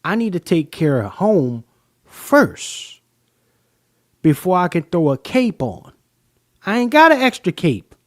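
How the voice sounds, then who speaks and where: A man hosting a casual livestream, talking emphatically in loose slang with frequent pauses. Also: high voice, very animated, dry recording, clean studio sound. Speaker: livestream host.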